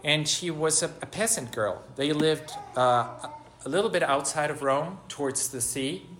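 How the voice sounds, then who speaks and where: A man preaching an informal spiritual meditation, halting often, restarting phrases and asking rhetorical questions. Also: on the high side, fairly bright tone, a little hiss or hum. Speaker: preacher giving a spiritual talk. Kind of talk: informal sermon, spoken meditation.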